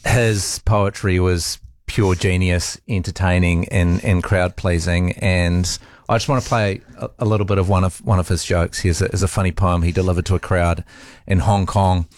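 Deep-voiced man giving a tribute. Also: fairly even intonation, no echo, clean studio sound. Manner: halting, with restarts and soft laughs. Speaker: radio host. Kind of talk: heartfelt radio tribute.

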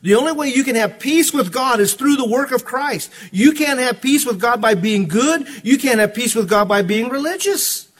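A pastor preaching a sermon, swinging between hushed, earnest passages and ringing, emphatic calls. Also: male voice, very high voice, expressive, moderate pace, few pauses.

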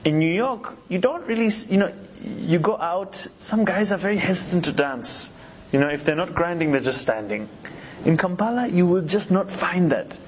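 A man's voice: sits high, expressive, moderate pace, slight background noise. A man from Uganda who grew up in New York, talking in a chatty, storytelling way in conversation. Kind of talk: relaxed conversation.

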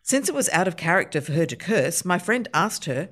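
A woman reading short humorous anecdotes aloud for a radio reading service, steady with a light, playful touch on the punchlines. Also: fairly low pitch, brisk. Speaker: reader of humor pieces.

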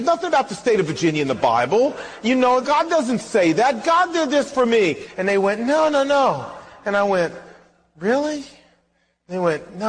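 Male pastor, high and husky, animated sermon, reverberant hall. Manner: animated storytelling, acts out dialogue.

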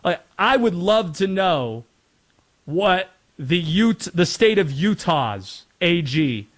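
A man's voice: high voice, sing-song, slow pace. A man from North Carolina hosting a sports talk show, chatting and rambling with self-deprecating asides. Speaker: sports radio host.

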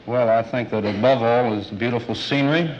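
A man's voice: medium pitch, fairly quick, a little mellow. A man from Denver, Colorado, a quiz show contestant, answering politely and modestly. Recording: muffled old broadcast with faint hiss.

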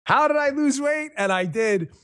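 A man reading a radio ad in a folksy, emphatic pitchman manner. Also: expressive, normal speed, a bit bright, faint music behind. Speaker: ad spokesman. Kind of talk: radio ad read.

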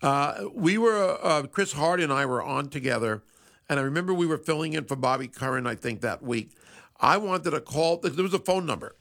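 A male sports radio host talks through a story in a loose, rambling way. His voice is gravelly and pitched a little above the average man's. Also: animated, normal speed, a bit bright. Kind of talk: casual radio monologue.

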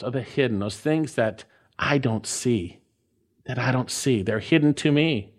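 A man preaching an expository sermon, stressing key phrases with repetition, slowing down and dropping to a hush for emphasis. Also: fairly high pitch, sing-song. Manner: emphatic, repeats key phrases with dramatic pauses; swings between loud and hushed, slows to stress words. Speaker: pastor.

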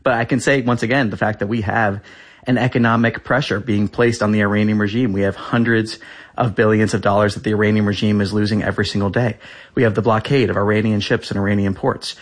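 A man in his thirties answers as a government spokesperson, returning again and again to the same talking points. He talks quickly and insistently in a fairly low voice. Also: fairly even intonation. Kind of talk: press interview answers.

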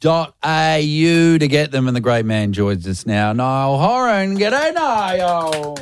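A man's voice: medium pitch, lively intonation, unhurried, slight background noise. A man hosting a radio show, teasing and playful with his guest. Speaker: radio host. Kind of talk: casual radio chat.

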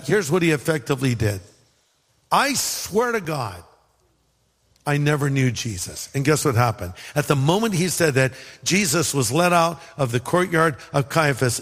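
A man preaching a sermon, telling a story with humor and acting out the voices of the people in it. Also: on the high side. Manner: animated storytelling, acts out quoted voices; humorous asides. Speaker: pastor. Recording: long hall reverb.

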